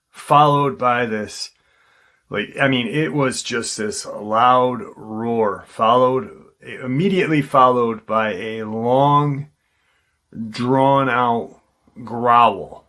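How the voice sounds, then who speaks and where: Slow, halting male storyteller. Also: medium pitch, a bit bright. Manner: unhurried, halting, with many ums and restarts. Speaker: paranormal channel host. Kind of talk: casual retelling of a witness encounter.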